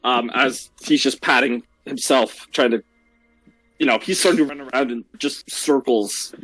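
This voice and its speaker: A man narrating as game master in a tabletop game, with lively, rambling descriptions. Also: medium pitch, moderate pace, slightly rough, no room sound, soft background music, low-quality recording.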